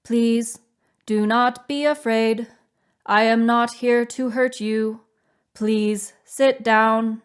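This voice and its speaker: Woman reading a robot translator gadget voice, slow and careful, higher than her own. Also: steady tone, clean tone. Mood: reassuring. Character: robotic translator device voicing an alien envoy.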